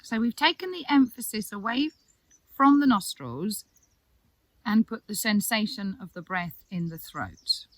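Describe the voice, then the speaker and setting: Calm woman guiding yoga breathing. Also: medium pitch. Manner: soft, calm and reassuring, with long pauses. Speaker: yoga teacher. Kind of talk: gentle breathing instruction.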